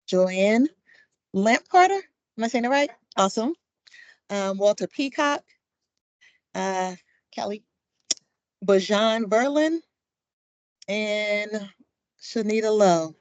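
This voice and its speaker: A woman chairs a commission meeting, running roll call in a loose, upbeat way with plenty of fillers. She talks at an unhurried, drawn-out pace. Her voice sounds close and dry, with no room around it. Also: mid-range voice, animated, no echo, highs cut off.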